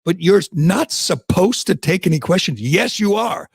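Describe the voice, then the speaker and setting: A man's voice: high-pitched, expressive, moderate pace, creaky, slightly rough, no echo, studio quality. A man hosting a talk radio show, delivering a heated, sarcastic rant and mocking others in put-on voices.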